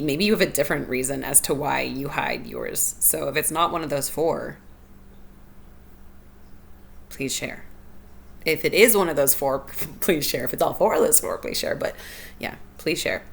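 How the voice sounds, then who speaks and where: Low, gravelly-voiced woman podcast host. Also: a little hiss or hum. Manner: candid, personal, laughs often, repeats phrases. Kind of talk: reflective solo podcast talk.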